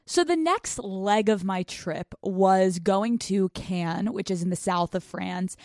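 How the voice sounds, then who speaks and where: A young woman hosts her podcast in a casual solo monologue. She is animated and jokey and swears freely as she tells stories. The recording is dry and close to the mic, with no room sound. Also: medium pitch, slow pace, no echo. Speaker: podcast host.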